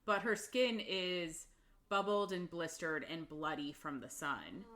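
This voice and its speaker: Podcast co-host, female, unhurried and low, chatty summarizer who laughs easily. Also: fairly bright tone. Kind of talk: casual book recap chat.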